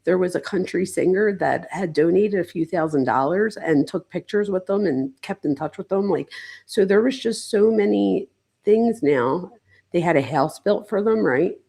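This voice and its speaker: Her lowish, animated voice is creaky and mellow with a breathy edge, moving at normal speed. As a psychologist hosting a relaxed true-crime livestream, she talks loosely, saying "like" often and correcting herself.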